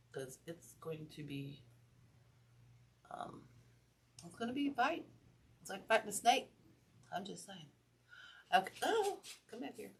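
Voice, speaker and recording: Woman, low-ish voice, chatty livestream craft host, rambling with fillers. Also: breathy edge. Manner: chatty and rambling, many fillers, greets viewers. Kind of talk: casual live tutorial chat.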